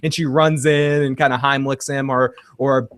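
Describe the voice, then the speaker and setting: A man's voice: medium pitch, normal speed. A man hosting a casual recap chat, retelling scenes and acting out the characters' lines. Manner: animated retelling, acts out quotes. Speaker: podcast host.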